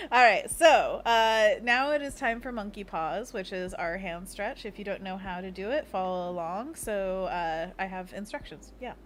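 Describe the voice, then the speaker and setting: Young female streamer, playful and giggly, middle-pitched, light hiss behind. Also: moderate pace, few pauses. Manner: playful, giggly, leads stretches with silly monkey noises. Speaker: livestream host. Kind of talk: casual livestream chat.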